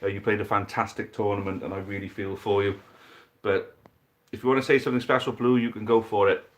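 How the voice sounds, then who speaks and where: Excitable man calling a dice match. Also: fairly low pitch, fairly quick. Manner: excitable commentary, rising at big moments, addressing viewers as mate. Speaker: host commentating a dice football game on a stream. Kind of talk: live game commentary and chat to viewers.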